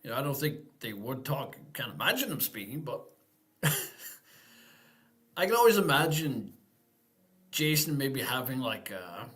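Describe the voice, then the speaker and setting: A man's voice: mid-range voice, sing-song, unhurried, pauses often, fairly bright tone. Easygoing man hosting a live stream. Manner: easygoing, rambling, thinks aloud with fillers. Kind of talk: casual live-stream Q&A chat.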